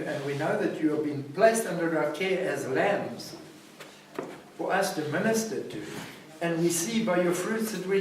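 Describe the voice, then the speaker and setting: A South African man with a slightly high voice teaches a class in an emphatic, preaching manner, pressing his listeners with questions. He is picked up from across a strongly echoing room by a distant mic. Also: slight background noise. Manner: emphatic, keeps asking "see what I'm saying?". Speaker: recovery centre teacher. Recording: very echoey room, mic far off.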